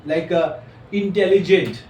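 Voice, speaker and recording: A man's voice: high voice, a little slow, darkish tone. A male teacher gives a classroom lesson, explaining patiently and correcting his students. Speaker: English teacher. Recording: echoey room from far off, faint noise.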